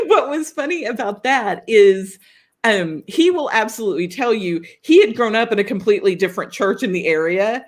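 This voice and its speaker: A woman co-hosting a podcast tells a story in casual chat, speaking at a normal speed in a mid-range voice. She laughs often and animatedly acts out the quoted lines of the people in her story.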